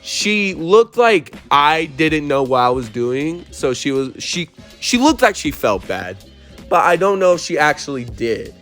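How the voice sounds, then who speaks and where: A man's voice: a little high, big pitch swings, measured pace, a bit bright, faint music behind. A young man telling a storytime on his vlog, blunt and profane as he retells an argument at work. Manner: blunt, swears often, retells the argument animatedly. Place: worked in New Mexico.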